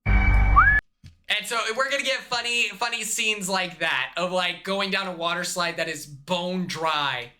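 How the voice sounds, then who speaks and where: A man's voice: high-pitched, unhurried, bright, forceful tone, soft background music. A man hosting a comedic movie recap, rambling and acting out the characters' lines himself. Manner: rambling, acts out characters in quotes. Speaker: host.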